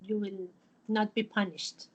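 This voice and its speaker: A woman, teaching a religious studies class over a video call and explaining patiently in a halting way, full of fillers. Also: mid-range voice, flat delivery, darkish tone, breathy edge, highs cut off.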